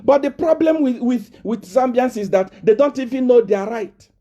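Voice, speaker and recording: A man's voice: very high-pitched, normal speed, warm tone. A Nigerian man, a prophet, giving a confrontational live video address full of taunts and repeated rhetorical questions. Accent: Nigerian English.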